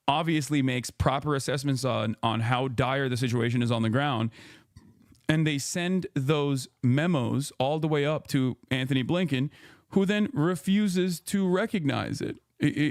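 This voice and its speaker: A man's voice: mid-range voice, dry recording, clean studio sound. A man in a played clip giving argumentative political commentary, lecturing his listeners.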